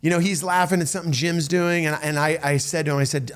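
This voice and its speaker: A middle-aged man telling a story in a casual, animated way, with many restarts and acted-out quotes. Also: a little high, fairly quick, few pauses. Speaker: storyteller recounting a tour.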